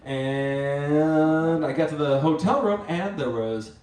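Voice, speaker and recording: A man's voice: a little high, slow, a little mellow. A man telling a rambling, self-mocking comic story on stage at a live storytelling event, acting out his own asides. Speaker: storyteller and master of ceremonies. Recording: roomy live venue, mic from far off.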